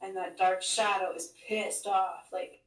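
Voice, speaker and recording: A woman solemnly reading a spiritual scroll aloud, intoning slowly and flatly. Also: mid-range voice. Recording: echoey room, far from the mic.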